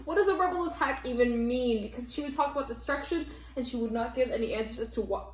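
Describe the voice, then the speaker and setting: Excitable woman, distant in an echoey room. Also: fairly high pitch, quick pace. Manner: excitable, rambling, swears for emphasis. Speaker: podcast co-host. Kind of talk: casual book club chat.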